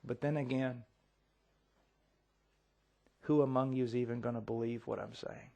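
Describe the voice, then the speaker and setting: A middle-aged man preaching a sermon, swinging from quiet intensity to near-shouting and acting out voices as he tells a story. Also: medium pitch, steady tone, moderate pace, gravelly. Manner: acts out quoted voices.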